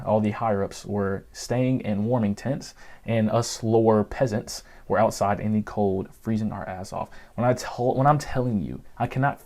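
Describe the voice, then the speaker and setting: Low-voiced young man telling army stories. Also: darkish tone. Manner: emphatic, profane, repeats for emphasis. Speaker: Marine Corps veteran vlogger. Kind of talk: casual storytelling to camera.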